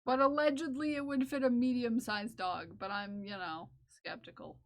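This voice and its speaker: Brief: high-pitched woman streamer, casual chat, teasing her viewers. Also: steady tone, moderate pace. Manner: chatty, playfully scolding chat. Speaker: livestream host.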